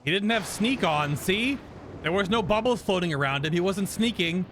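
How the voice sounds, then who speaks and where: A man's voice: high-pitched, animated, normal speed, fairly bright tone, faint music behind. A man streaming a video game, giving a casual, rambling reaction commentary as he plays and laughing often.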